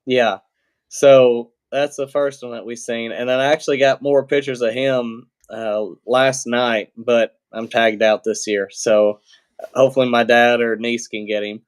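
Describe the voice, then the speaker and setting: A man guesting on a podcast, telling a story at a relaxed, unhurried clip. His delivery is plainspoken and rambling, full of fillers and restarts. He swears now and then, sitting at a middle pitch. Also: smooth. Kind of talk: casual storytelling.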